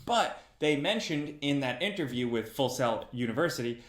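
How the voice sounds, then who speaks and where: A man hosting a weekly gaming news roundup with an upbeat, brisk presenter delivery. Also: medium pitch, expressive. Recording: roomy clip played in a reaction video.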